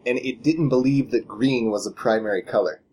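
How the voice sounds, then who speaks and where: A man hosting a casual panel chat, relaxed and chuckling, with loose phrasing. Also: mid-range voice, a little fast, muffled recording, a little hiss or hum. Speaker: podcast host.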